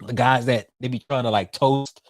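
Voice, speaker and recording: A man with a Southern US accent in a casual podcast chat, excitable and full of laughter. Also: medium pitch, moderate pace, no room sound, clean studio sound. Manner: excitable, laughs a lot, slangy.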